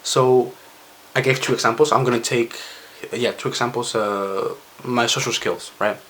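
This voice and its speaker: A man's voice: medium pitch, steady tone, moderate pace, a bit bright, a little hiss or hum. A young man from Spain with a Spanish accent, stuttering and restarting as he talks casually to camera in his vlog. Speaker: vlogger.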